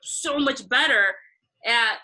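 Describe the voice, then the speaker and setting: The audio is poor, and the woman takes it slowly. In her thirties, she's interviewed about working as a concert photographer, animatedly recounting stories and performing past dialogue in a higher voice.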